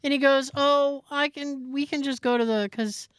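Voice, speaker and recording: A woman's voice: high voice, moderate pace, no echo, clean studio sound. A woman co-hosting a podcast, telling a story in casual chat and acting out what other people said. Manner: animated anecdote teller who acts out quoted people. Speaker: podcast co-host.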